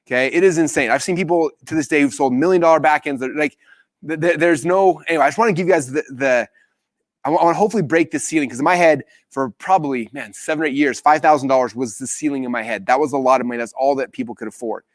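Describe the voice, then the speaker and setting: A man hosting a live business training, telling a story with animated acted-out quotes. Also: quick pace, no echo, clean studio sound. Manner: animated storytelling, acts out quotes with big pitch jumps.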